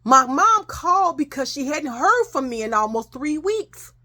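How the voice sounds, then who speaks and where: A woman telling a childhood story in a casual, profane, animated way, often addressing listeners as y'all. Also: high-pitched, normal speed.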